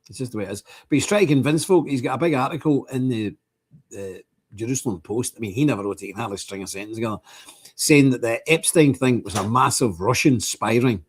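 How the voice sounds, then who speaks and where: A man in his sixties with a Northern Irish accent, hosting a livestream in a rambling monologue that keeps repeating phrases. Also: mid-range voice. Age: 60s. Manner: rambling and repetitive, restating phrases. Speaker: livestream host.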